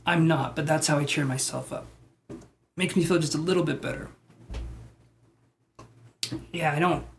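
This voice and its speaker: A man's voice: fairly high pitch, normal speed, gravelly, long pauses, slight background noise. Chatty man rambling on a live stream. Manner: rambling, chatty, reacting to viewer comments. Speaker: tarot reader and live streamer. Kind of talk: casual live-stream chat with viewers.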